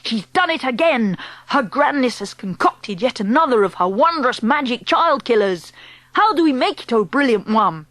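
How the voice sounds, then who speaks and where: A woman doing a crowd of witches hanging on their leader's every word, crying out their praise in high, eager bursts. The pitch leaps up and down with delight. It sounds dry and close, as in an audiobook. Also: expressive, moderate pace, fairly bright tone, dry recording. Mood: fawning. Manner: shrill, fawning cries. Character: crowd of excited adoring female witches.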